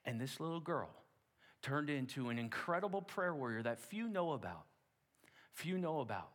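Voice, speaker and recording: A man preaching, telling a story dramatically with repeated words and hushed asides. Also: on the high side, very animated, moderate pace. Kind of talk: sermon storytelling. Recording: long hall reverb.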